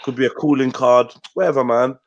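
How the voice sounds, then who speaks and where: Joking host. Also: male voice, medium pitch, steady tone, brisk, gravelly, lo-fi sound. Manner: joking, repeats words, London slang. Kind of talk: casual live show chat.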